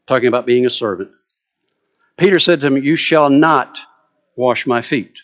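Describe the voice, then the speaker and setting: A man with a Southern US accent preaching a sermon, acting out scripture quotes with lively, dramatic delivery. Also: mid-range voice, normal speed, highs cut off. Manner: animated, dramatic quoting of scripture.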